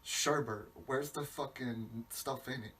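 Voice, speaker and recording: A man with a medium-pitched, fairly bright voice keeps a steady tone and an unhurried pace while hosting a podcast. He delivers a profane, meandering comic monologue, frequently interrupting himself. Faint background hiss accompanies the distant-mic recording.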